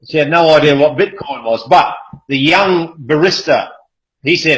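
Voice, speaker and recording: A man's voice: fairly high pitch, moderate pace, a bit bright, poor audio. Chatty Australian man hosting a call. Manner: chatty, enthusiastic, many fillers. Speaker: hangout host. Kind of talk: casual online group call. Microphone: video call.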